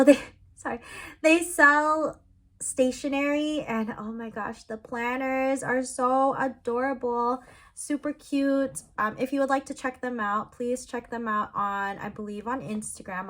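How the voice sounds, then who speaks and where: A woman's voice: on the high side, bright, forceful tone. A young woman talking casually in her own vlog, chatty and upbeat, with lots of fillers. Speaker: vlogger and crochet seller.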